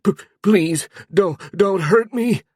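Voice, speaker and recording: A man voicing a terrified young male sorcerer who stammers in a high, shaky voice. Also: slow, slightly rough, no room sound, clean studio sound, heavily acted. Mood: panicked. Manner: stammering, high-pitched panic.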